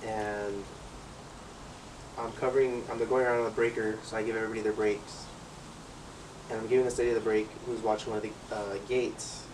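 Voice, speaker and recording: A man's voice: lowish voice, flat delivery, fairly quick, long pauses. A young man telling a work story in a casual interview, rambling with lots of fillers. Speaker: security guard interviewee. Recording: distant mic with clear background noise.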